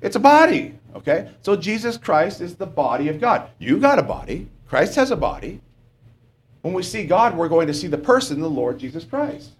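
Lively-pitched man preaching a sermon. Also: normal speed, a little hiss or hum. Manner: conversational, asks the congregation questions; often adds "okay?".

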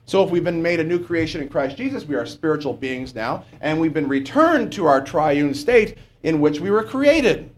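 Male preacher, sermon, conversational, questions to the congregation, frequent "okay?", lively pitch. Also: normal speed, hardly any pauses. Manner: often adds "okay?".

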